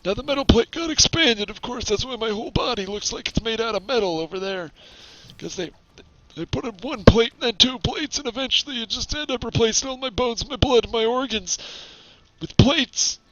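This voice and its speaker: A man's voice: very high-pitched, expressive, fairly quick, fairly bright tone, muffled recording. A man voicing a grumpy old male robot war veteran in a rambling, grumbling old-timer manner while streaming a game.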